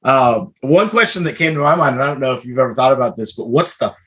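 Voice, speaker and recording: A man's voice: mid-range voice, fast, fairly bright tone. A man hosting a podcast interview, talking in a chatty, casual way with lots of fillers and restarts. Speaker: podcast host.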